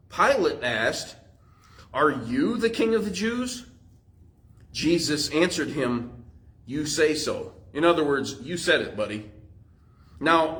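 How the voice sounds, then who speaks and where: A man's voice: on the high side, fairly bright tone, rough recording. A man pastor, teaching a Bible study in a conversational, explanatory way with frequent fillers.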